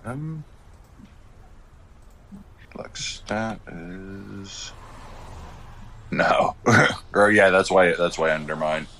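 Man, very deep, gravelly, slow, hesitant, some background noise. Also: pushed and bright. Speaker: player. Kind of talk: casual game chat.

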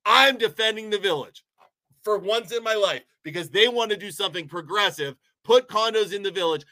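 A man's voice: high-pitched, a little fast, pushed and bright. A man from Ohio delivering a heated, sarcastic rant as a local commentator, sounding a bit sick. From Poland, Ohio, USA. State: sick, unwell. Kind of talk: ranting monologue.

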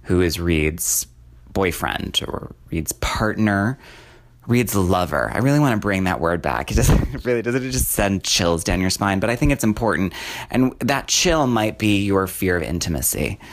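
A podcast host talks on his own with a very low, deep voice. He rambles from topic to topic with wry jokes thrown in. It is a relaxed, casual monologue. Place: away from home, in the countryside.

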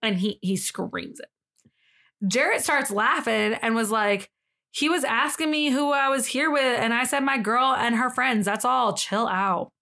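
Lively, swearing woman podcast host. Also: a little slow. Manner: reads a story aloud and quotes its people with sudden high jumps; swears freely and laughs between lines. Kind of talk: casual storytelling chat.

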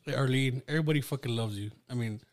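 A podcast host, a man with a medium-pitched voice, talks fast in a casual chat. He teases his guest and swears often.

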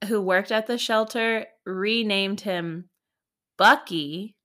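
A woman's voice: medium pitch, takes it slowly, fairly bright tone. A woman co-hosting a podcast, chatting casually with many fillers and reading show blurbs aloud. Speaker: podcast co-host. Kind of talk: casual chat.

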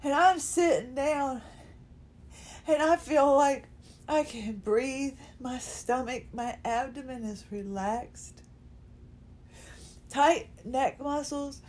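A woman's voice: fairly high pitch, darkish tone. A woman hosting a podcast, talking unscripted while lying down at home, rambling, emotional and often apologizing. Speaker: podcast host. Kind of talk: unscripted personal chat.

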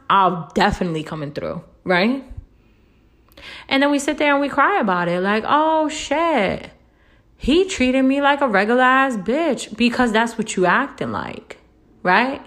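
Blunt woman with constant rhetorical "right?". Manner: blunt and profane, tags nearly every point with a rhetorical "right?"; lively, swoops up high when making a point. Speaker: relationship advice vlogger. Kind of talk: casual monologue.

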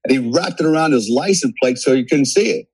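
A man on a podcast as a guest, telling a story in a casual, animated way, swearing freely and laughing as he goes. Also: medium pitch, a little fast, husky, dry recording, poor audio. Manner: animated, profane, laughs through his story.

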